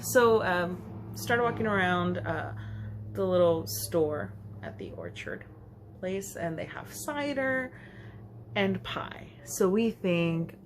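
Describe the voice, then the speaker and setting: A young woman telling a rambling storytime anecdote for her vlog, chatty and quick to laugh. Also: lowish voice, very animated, a little hiss or hum. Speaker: vlogger. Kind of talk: casual storytime.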